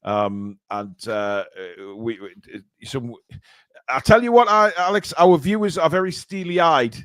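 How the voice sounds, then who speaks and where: A man hosting a casual football chat show, talking haltingly with lots of fillers and restarts. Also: medium pitch, a bit bright, dry recording. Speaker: podcast host.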